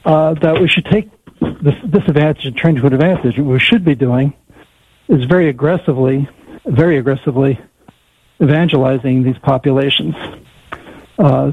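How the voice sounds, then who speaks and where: A man's voice: mid-range voice, breathy edge, no echo. A man calling in to a radio show, speaking hesitantly with many fillers. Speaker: caller. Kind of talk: call-in radio conversation. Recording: tinny dry phone line.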